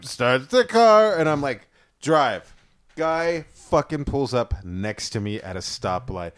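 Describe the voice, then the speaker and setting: Animated young man telling a raunchy story. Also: medium pitch, measured pace, dry recording, clean studio sound. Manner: animated, acts out voices, swears a lot. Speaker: podcast co-host telling a story. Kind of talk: casual comedic storytelling.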